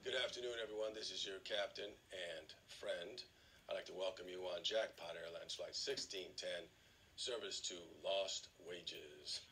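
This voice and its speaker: A man's voice: sits low, moderate pace, bright, forceful tone, slight background noise. An actor playing a cocky male airline captain who is full of himself and tells dry, naughty jokes, in a sitcom. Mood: announcing. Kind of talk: sitcom acting.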